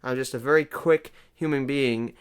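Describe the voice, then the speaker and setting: Smooth-voiced man in a rambling comic monologue. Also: medium pitch, fairly even intonation, moderate pace. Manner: rambling, self-important, playfully absurd. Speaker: comedy show host.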